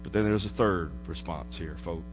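A man preaching a sermon in a church, dropping to hushed low asides and rising to emphatic declarations. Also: normal speed, music in the background. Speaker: pastor. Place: church sanctuary. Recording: hall reverb with mains hum.

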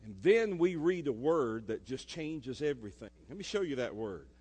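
A male pastor, preaching a sermon and swinging between loud emphasis and soft asides. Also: medium pitch, sing-song, moderate pace, husky. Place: church sanctuary. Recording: echoey church hall.

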